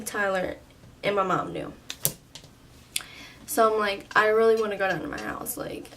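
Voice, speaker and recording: A young woman vlogger telling a personal story in a casual, chatty way, full of "like" and quick laughs. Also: mid-range voice. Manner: chatty, lots of "like", laughs often. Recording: slightly distant, faint room noise.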